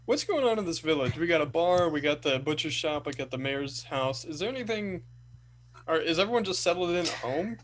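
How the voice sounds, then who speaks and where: A man's voice: fairly high pitch, animated, brisk, a bit bright. A man playing a tabletop game, throwing in jokes and questions. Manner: joking asides. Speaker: player. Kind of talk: tabletop role-play.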